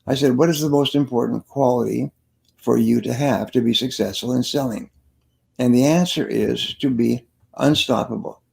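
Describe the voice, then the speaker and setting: A man's voice: medium pitch, moderate pace, creaky, a little mellow. An older man, a sales trainer being interviewed, telling stories and giving advice in an earnest way, repeating key phrases for emphasis. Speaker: sales trainer and guest speaker.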